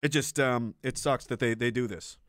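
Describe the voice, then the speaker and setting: A man's voice: medium pitch, normal speed, no echo, studio quality. A young adult man, streaming an unscripted rant about his time as a military veteran. He talks bluntly and swears a lot, often breaking off mid-sentence and starting again. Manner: blunt and profane, with frequent trailing restarts.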